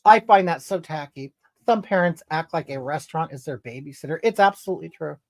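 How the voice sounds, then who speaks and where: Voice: medium pitch, animated, brisk, close to an everyday voice. A performer voicing a crude, entitled, brash woman, scolding and indignant, rambling at chat in an improvised comedy stream. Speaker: comedy livestreamer reading comments in character.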